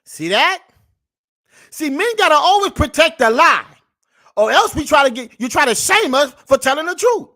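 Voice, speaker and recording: A man hosting comic reaction commentary, preaching at his viewers, swinging from mutters to shouts. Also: very high voice, no echo, clean studio sound. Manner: preachy, keeps calling out to the people; drawn-out, animated swings between mutter and shout. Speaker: reaction video host.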